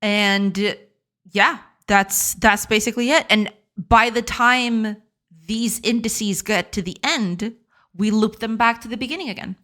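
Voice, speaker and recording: A woman's voice: mid-range voice, measured pace, a bit bright. A woman game developer, heard through a voice changer, thinking aloud and explaining code step by step in a casual, giggly live-stream chat.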